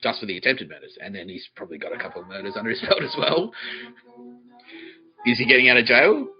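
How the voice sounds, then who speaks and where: A man hosting a solo comedy podcast, rambling deadpan and profane, often laughing at his own jokes. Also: mid-range voice, fast talker, faint music behind. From Australia. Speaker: podcast host. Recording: dull lo-fi recording.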